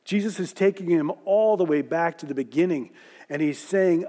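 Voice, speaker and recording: A man telling a Bible story in a sermon, slowing and softening when he voices quoted lines. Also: fairly high pitch. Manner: storytelling, voicing quoted lines softly and slowly. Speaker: preacher. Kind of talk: sermon narration.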